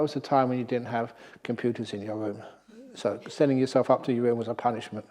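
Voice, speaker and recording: Buddhist monk telling a story, lively. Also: male voice, medium pitch, quick pace. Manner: lively storytelling, laughs at own jokes. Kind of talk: dharma talk at a meditation retreat.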